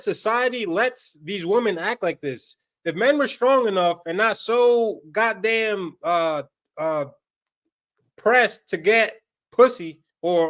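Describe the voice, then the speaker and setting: Male podcast co-host, high pitch, blunt and crude, laughs through his lines. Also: fairly bright tone. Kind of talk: casual podcast chat.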